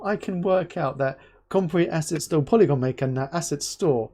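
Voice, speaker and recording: A man's voice: a little high, normal speed. A man from England hosting a casual live interview, joking and telling stories with lots of laughter. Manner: joking, animated storyteller, laughs often. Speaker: host.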